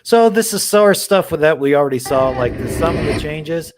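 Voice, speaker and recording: Livestream host, male, slightly high voice, loose rambling delivery with casual swearing. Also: expressive, moderate pace. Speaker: horror channel livestream host. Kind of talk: casual livestream chat with viewers.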